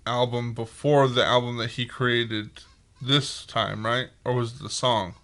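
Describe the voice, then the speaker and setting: A young man hosting a casual podcast, joking and swearing through animated rants. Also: medium pitch, a little slow. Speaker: podcast host. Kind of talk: casual chat.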